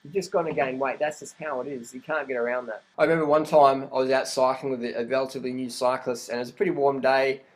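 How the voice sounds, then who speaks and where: A man's voice: mid-range voice, steady tone, fast, hardly any pauses, rough recording. A man talking in an emphatic, repetitive vlog rant, laughing often. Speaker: vlogger.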